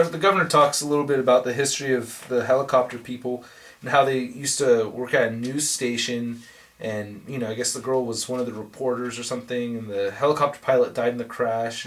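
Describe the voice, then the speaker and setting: Sex: man. Role: comic book reviewer. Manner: profane, rambling, excitable. Pitch: mid. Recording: voice set back from the mic. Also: recorded from a distance.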